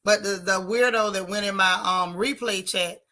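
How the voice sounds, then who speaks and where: Woman streamer, bright and teasing, casual chat. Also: medium pitch, steady tone, moderate pace. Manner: chatty, teasing, dramatic exclamations. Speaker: vlog host reading chat.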